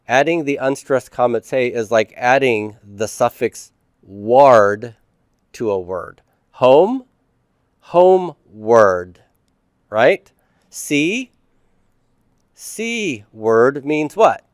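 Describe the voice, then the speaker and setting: Male teacher, middle-aged, lectures at a slow pace and quizzes himself out loud. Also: medium pitch, dry recording, clean studio sound. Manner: explains step by step, asks and answers own questions. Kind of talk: classroom lecture.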